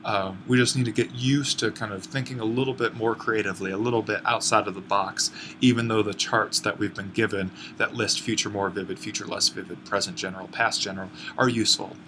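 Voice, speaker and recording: A man's voice: lowish voice, steady tone, a little fast, hardly any pauses, noisy background. A man teaching an online lesson on classical Greek grammar, explaining step by step and correcting himself as he goes. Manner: explains step by step, thinking aloud with fillers and self-corrections.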